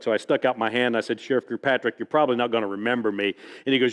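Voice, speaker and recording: At a library event hall, a man from the United States shares folksy stories with the crowd as an author, frequently adding "like that." He speaks fast in a medium-pitched voice, with long hall reverb on the recording.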